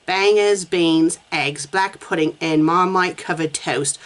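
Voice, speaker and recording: A woman's voice: lowish voice, measured pace. An English woman reviewing fanfiction, reading a story aloud and breaking off for sarcastic asides and laughter.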